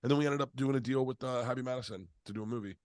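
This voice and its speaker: Animated storytelling man, dry sound. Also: mid-range voice, very fast, no room sound. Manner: animated, profane, acts out quoted voices. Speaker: comedian being interviewed. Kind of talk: casual storytelling interview.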